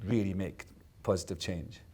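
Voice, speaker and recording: A man's voice: low voice, normal speed, mellow. A middle-aged man talking on a panel in a casual, chatty way, laughing often and often restarting his sentences. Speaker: actor on a panel.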